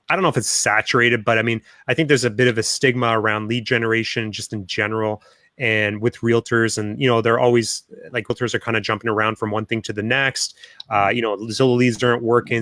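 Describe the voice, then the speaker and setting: A man's voice: medium pitch, a bit bright, dry recording, clean studio sound. A man hosting an interview on a video call, asking rambling and hesitant questions. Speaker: host. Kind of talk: casual interview chat.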